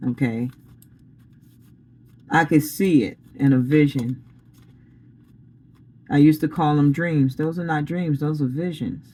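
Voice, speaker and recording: A woman's voice: low-pitched, takes it slowly, pauses often, dark tone, breathy edge, low-quality recording. A woman giving a casual spiritual pep talk as a tarot reader, blunt and preachy, laughing often and using slang.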